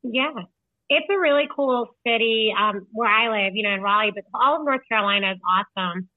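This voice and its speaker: A woman's voice: on the high side, a little fast, no echo. A young woman from Illinois, a podcast guest and author, chatting casually and saying "like" a lot. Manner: chatty, laughs often, says "like" a lot. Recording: tinny phone-like line, dry.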